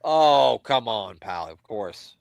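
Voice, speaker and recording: A man's voice: fairly low pitch, expressive, slow pace, creaky, no room sound. A man co-hosting a wrestling podcast in casual chat, loose and profane, laughing often. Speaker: podcast co-host.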